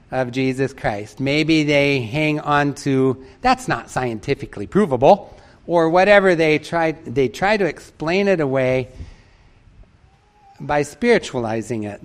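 A man's voice: on the high side, smooth. A man preaching a sermon in an emphatic way, repeating key phrases for stress and reading out a story.

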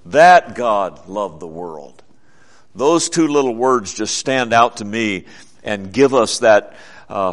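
A man giving a sermon in an earnest teaching manner, slowing down to stress key words. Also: mid-range voice, a bit bright. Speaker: preacher.

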